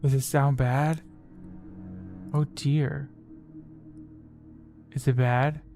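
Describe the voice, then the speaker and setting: A man's voice: medium pitch, level tone, drawn-out words, warm tone, soft background music. A man hosting a livestream quiz at a home desk microphone, talking in a rambling way, correcting himself and reading out chat answers.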